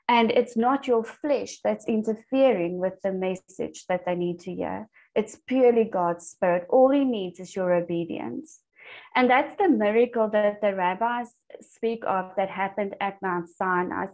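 A woman's voice: medium pitch, darkish tone. A woman leading a church discipleship group over a video call, teaching and telling stories earnestly. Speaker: Bible study group leader. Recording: dull lo-fi online call audio.

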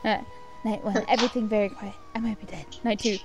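A woman's voice: mid-range voice, steady tone, fast, over music. A woman casually commenting on a game she is playing, reading the game text aloud and often breaking into giggles. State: sleep deprived. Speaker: let's-play host.

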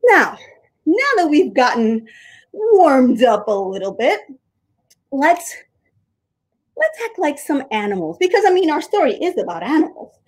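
A young woman leading a creative drama warm-up for small children, animated and sing-song, with playful animal noises. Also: high voice, measured pace, long pauses, poor audio.

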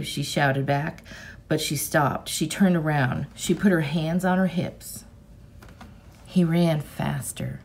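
A woman teacher reading a children's novel aloud to her class, expressive and measured. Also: low voice, breathy edge. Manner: slow, expressive storytelling. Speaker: fourth grade teacher.

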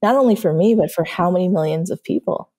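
A woman's voice: on the low side, fast. A woman manifestation coach giving an interview, telling stories animatedly and checking in with "right?". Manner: animated storytelling, frequent "right?" check-ins. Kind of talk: podcast guest interview.

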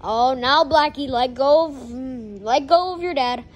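A woman's voice: sits high, measured pace. A woman improvising a plushie skit, voicing every character and switching voices, often scolding.

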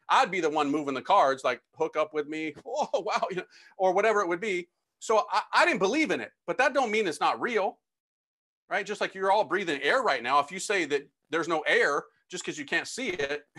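A man who is a priest, from the United States, telling his own testimony to an audience in an animated, slangy, emphatic way. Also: fairly high pitch. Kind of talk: personal testimony talk to an audience.

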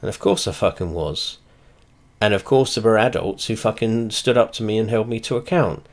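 A man's voice: lowish voice, moderate pace. A man, rambling casually and swearing a lot as he comments while playing a flight simulator. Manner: rambling, heavy swearing, blunt and chatty; trails off and restarts often. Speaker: video creator.

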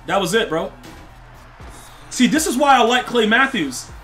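A man's voice: very high voice, expressive, moderate pace, sharp tone, soft background music. A young man live-streaming a game, chatting casually with his viewers and trash-talking opponents in loose slang. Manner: slangy, rambling, talks to chat and opponents.

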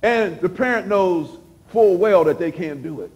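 A man preaching a sermon as pastor, repeating phrases for emphasis and dropping suddenly to a hush. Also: high-pitched, expressive, a little slow, muffled recording.

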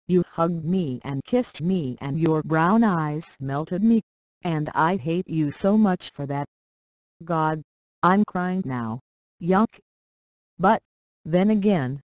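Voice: medium pitch, a little mellow, no echo, lightly acted, low-quality recording. A reader doing a young bride reading vows. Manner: earnest, teasing and tender. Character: young woman reading her wedding vows.

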